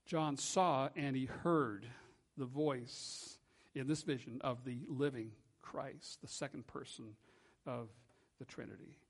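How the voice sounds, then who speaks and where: A man preaching a sermon as pastor in a church, earnest and measured, slowing and dropping soft for emphasis. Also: mid-range voice.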